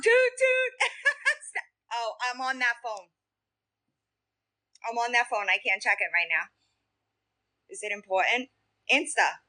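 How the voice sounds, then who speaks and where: Chatty New York woman, bright voice. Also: medium pitch. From Staten Island, New York. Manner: talks straight to chat, lively, laughs often. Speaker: live-stream host. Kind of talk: casual live-stream chat with viewers.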